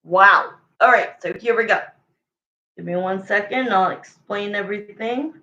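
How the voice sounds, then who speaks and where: Slow-talking woman reading tarot, roomy sound. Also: mid-range voice, bright, forceful tone, dull audio. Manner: thinks aloud while pulling cards, repeats questions to the cards. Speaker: tarot reader.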